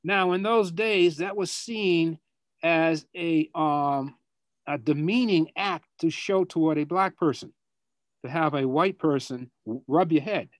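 Over a video call, an older man with a Boston accent answers students' questions as a guest speaker. His fairly high voice sounds dry, and he talks in a reflective, halting way, often repeating words while searching for the next one.

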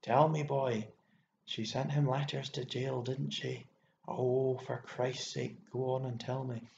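A rough, jealous country woman with a hollow, mannish voice speaks fiercely, both pleading and demanding, as a male narrator puts her on. Her voice is gravelly and dark. The sound is dull and lo-fi, in an echoey room. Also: medium pitch, completely flat delivery, measured pace, a little hiss or hum.

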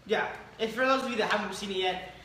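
A woman hosting and judging a casual party game, announcing rounds in a brisk, deadpan way. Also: mid-range voice. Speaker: game host and judge. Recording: echoey room, distant mic, background noise.

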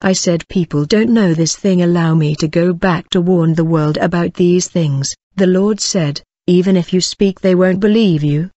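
Earnest woman narrator for a spoken testimony, steady delivery, dry muffled recording. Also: fairly low pitch, moderate pace, few pauses, no echo. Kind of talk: recounting a religious testimony.

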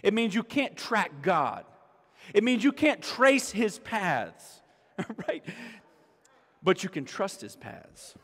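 A man with a high voice preaches a sermon at an unhurried pace. He repeats key phrases for emphasis and rises to exclamations, and a long hall echo trails behind his words in the church sanctuary. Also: sing-song, a bit bright. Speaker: pastor.

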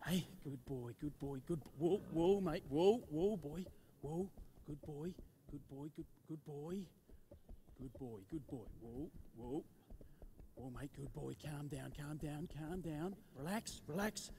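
Brief: a young Aussie horse-breaker, soft-spoken and stubborn, fairly high voice, echoing arena. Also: male voice, brisk, pauses often, slight background noise. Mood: soothing. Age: young adult. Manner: coaxing, soothing with horses. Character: young male horseman Jim Ryan, gentle and stubborn. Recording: live arena show, long reverb, faint ambience.

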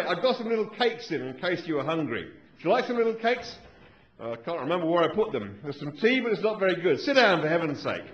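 A grumpy, rambling Australian venom expert, as a man puts him on. He grumbles in a high voice and frets over every little thing. The old live recording sounds dull and lo-fi. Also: reverberant. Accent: Australian, put on. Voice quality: fussy, rambling, exasperated. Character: grumpy middle-aged male venom scientist.

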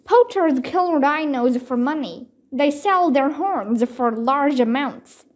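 A protective male wildlife ranger giving brisk commands, as a woman reads him. The voice stays high and measured. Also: lively intonation.

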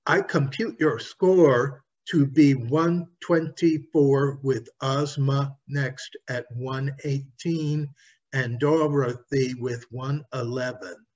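A man reading a story aloud, voicing a polite clockwork man who speaks in a measured, precise way. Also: mid-range voice, steady tone, darkish tone, slightly rough. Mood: matter-of-fact. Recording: dull lo-fi recording.

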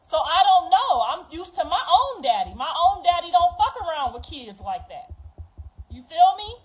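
A middle-aged woman, speaking openly to her viewers. Her talk is raw and full of profanity. She swings from low, quiet stretches to loud, heated bursts. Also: very animated, moderate pace, poor audio. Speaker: mother speaking out. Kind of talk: emotional monologue to viewers.

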